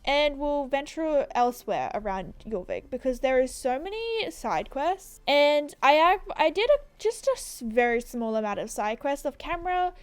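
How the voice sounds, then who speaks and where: A woman's voice: high voice, big pitch swings, normal speed, few pauses. A woman chatting casually over her gameplay, giggly, rambling and often apologetic. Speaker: gaming YouTuber.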